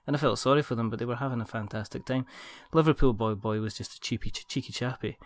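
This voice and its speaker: Brief: podcast host, medium pitch, dry room, relaxed storyteller who laughs at his own bits. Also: fast, no room sound. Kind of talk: casual chat.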